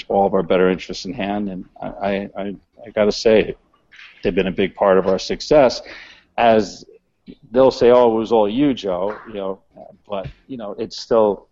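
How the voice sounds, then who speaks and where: A man's voice: low-pitched, darkish tone. A man from New York with a New York accent, a restaurant owner talking bluntly and rambling with many restarts in an interview. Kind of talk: casual interview talk. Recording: dull, muffled sound.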